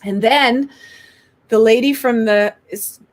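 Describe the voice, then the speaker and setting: Animated woman telling a story. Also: a little high, slow. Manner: animated, acts out quoted voices. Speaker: guest. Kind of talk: casual interview storytelling.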